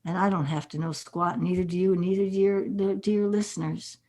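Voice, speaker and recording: A woman's voice: fairly low pitch, steady tone, a little fast, a little mellow. An older woman, a guest author on a podcast interview, telling earnest stories with quoted dialogue.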